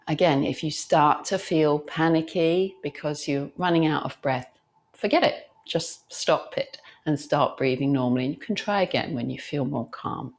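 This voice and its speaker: A woman teacher guiding a yoga class, talking gently and soothingly and counting breaths aloud. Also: low voice. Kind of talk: guided yoga class instruction.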